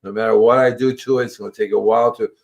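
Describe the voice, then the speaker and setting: A man's voice: steady tone, racing, gravelly. A man hosting a gardening livestream, talking casually in a rambling way and repeating his words. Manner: rambling, repeats words, acts out animals in squeaky voices. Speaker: gardening show host.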